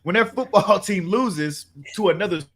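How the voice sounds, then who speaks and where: A man's voice: high-pitched, expressive, moderate pace, husky. A man hosting a sports podcast in casual, profane chat, often acting out what other people say.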